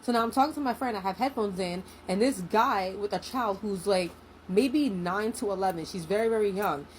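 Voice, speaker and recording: A young woman in a casual storytime vlog, animated and indignant, acting out what people said. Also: mid-range voice, a little fast, a little hiss or hum, low-quality recording. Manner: animated, indignant, acts out quotes.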